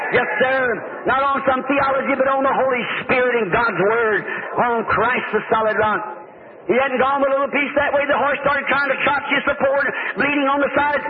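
A man's voice: very high-pitched, level tone, fairly quick. A man preaching a sermon through a homespun story, drawling and rising to fervent exclamations, heard on a tinny, lo-fi old recording with faint hiss.

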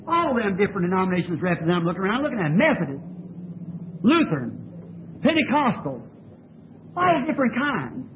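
A man's voice: high voice, very animated, fairly quick, long pauses, a little hiss or hum. A man preaching a sermon in a church, asking the congregation questions and pressing his points emphatically. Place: church tabernacle. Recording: tinny lo-fi old tape.

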